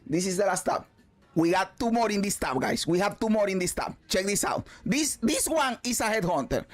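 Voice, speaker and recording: A man streaming a video game, commenting loudly, swearing and shouting at the game. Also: high voice. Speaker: gaming streamer. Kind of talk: excited gameplay commentary.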